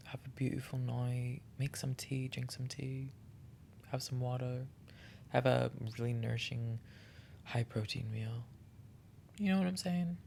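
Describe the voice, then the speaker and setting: Creaky and darkish in tone at a medium pitch, a podcast host delivers a reflective solo monologue with slight background noise. He sounds earnest, heartfelt and encouraging, frequently starting his sentences over.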